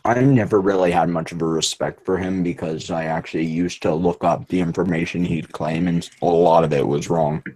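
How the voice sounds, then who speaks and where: A man's voice: sits low, fairly even intonation, brisk, hardly any pauses, a little mellow. A man co-hosting a casual online stream chat, talking while chewing food. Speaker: stream co-host.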